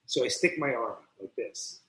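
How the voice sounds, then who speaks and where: Animated storytelling man in an echoey room. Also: mid-range voice. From New Jersey. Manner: animated, quick, acts out scenes as he tells them. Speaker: podcast guest, speaker and coach. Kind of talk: candid storytelling in conversation.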